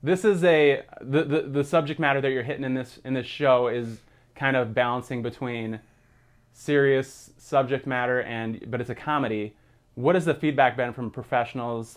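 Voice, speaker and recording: A man's voice: mid-range voice, fairly even intonation, moderate pace. A man hosting an interview, asking questions in an upbeat, enthusiastic way. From Minneapolis area. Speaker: interviewer host.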